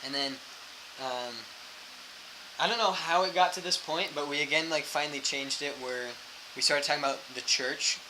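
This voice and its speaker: A man's voice: a little high, moderate pace, background noise. A young man, a missionary, casually telling a story full of fillers and acting out quotes. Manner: animated, fillers like "like" throughout, acts out quotes.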